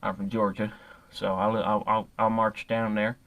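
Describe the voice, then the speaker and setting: A man's voice: lowish voice, little pitch movement, moderate pace, fairly bright tone, low-quality recording. A man playing a hot-headed, ignorant ranting man in a comedic character monologue, profane and rambling, stumbling over his own words. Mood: angry rant.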